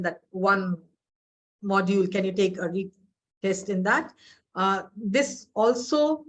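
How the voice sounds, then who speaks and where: A middle-aged woman with an Indian accent teaches an IELTS English exam webinar. Her mid-range, slightly bright voice is direct and instructive, and she often poses rhetorical questions.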